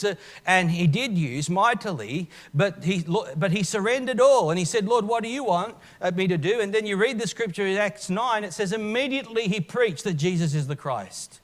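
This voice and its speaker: A man preaching a live church sermon, earnest, moving between quiet reflection and impassioned emphasis, with frequent restarts. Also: sits high. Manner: frequent restarts and filler uhs. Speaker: pastor. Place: church service.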